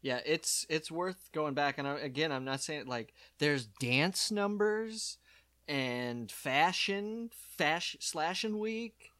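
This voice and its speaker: A man's voice: a little high, slow pace, no room sound. Joking man with a dry close sound. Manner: animated, joking, puts on voices for comic bits. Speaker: podcast host. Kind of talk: casual chat.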